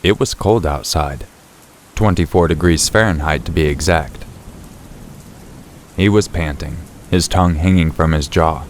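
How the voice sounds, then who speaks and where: A man narrating a true scary story in the first person, in a steady, low-key storytelling voice. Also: unhurried, pauses often, slight background noise. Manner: steady, low-key storytelling, rising sharply for shouted quotes. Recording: faint rain and thunder behind.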